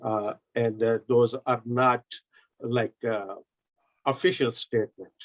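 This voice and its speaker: A man's voice: medium pitch, little pitch movement, slow pace, low-quality recording. A man hosting a video call meeting, giving polite formal closing thanks with frequent uh fillers. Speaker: host.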